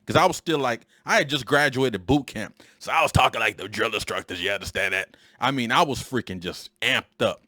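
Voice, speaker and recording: A man in his forties hosting a podcast, telling a personal story in an animated, emphatic way. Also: medium pitch, a little fast, few pauses, no echo, studio quality. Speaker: podcast host. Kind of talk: storytelling monologue.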